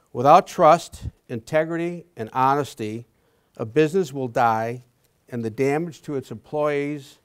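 A man in his sixties giving a prepared talk to a university audience, halting often with fillers and restarts. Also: medium pitch, smooth. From Wisconsin. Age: 60s. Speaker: guest speaker.

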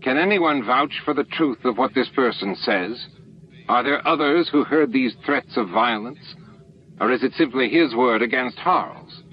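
A man voicing a stern, sharp-witted male security chief in a fan audiobook, asking questions in a dry, sarcastic way. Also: mid-range voice, unhurried, highs cut off, slight background noise, pitched above the performer's own voice, natural voice. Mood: skeptical.

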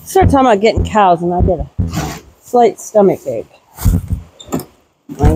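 Relaxed, slow-talking farm woman chatting to her animals while doing chores; light background noise. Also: fairly low pitch. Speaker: homesteading vlogger. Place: barn with animals.

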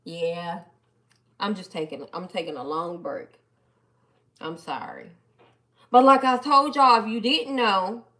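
A woman chatting casually on a live stream, playful and animated as she talks back to her viewers. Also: medium pitch. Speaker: live-stream host reading viewer comments.

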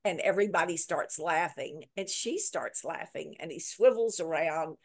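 A woman author, a guest in a video interview, telling a story with lively retelling and repeating words for emphasis. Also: deep voice, moderate pace. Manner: lively retelling that acts out quoted lines.

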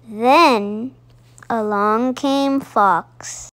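A woman reads a bedtime picture book aloud, slowly and gently. Her voice sits high, and she lingers over each phrase with an expressive storytelling lilt. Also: no room sound. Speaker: children's book reader.

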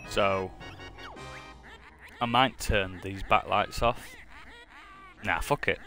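A man's voice: deep voice, slow pace, pauses often, pushed and bright, faint music behind. A man streaming a video game, talking in a dry, offhand and sweary way. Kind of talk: casual live-stream gameplay commentary.

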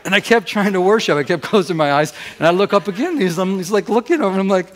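Middle-aged preacher guy telling a story in a sermon, kinda high voice, acts out the dialogue. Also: fast talker. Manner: animated storytelling, acts out dialogue, many restarts. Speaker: pastor.

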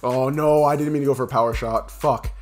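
A young man giving excitable, profane gameplay commentary, swinging between loud hype yells and low muttering. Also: a little fast, soft background music. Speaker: gaming YouTuber.

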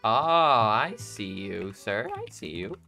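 Gaming YouTuber, male, bright and bouncy delivery, laughs a lot, chats at opponents mid-game. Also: on the low side, slow pace, gravelly, faint music behind. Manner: excitable, laughs often, talks to himself and opponents. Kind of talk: live gameplay commentary.

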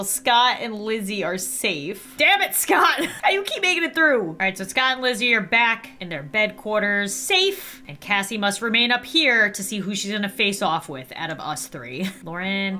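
A young woman giving excited game commentary, squealing and laughing as she reacts to the action. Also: mid-range voice. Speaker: gaming YouTuber. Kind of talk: excited Let's Play commentary.

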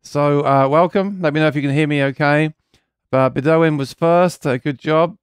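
A man's voice: on the high side, fairly even intonation, moderate pace, smooth, no echo, studio quality. A man hosting a casual live chat about music gear, rambling and reading viewer comments aloud, earnest and keen about guitars. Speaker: livestream host.

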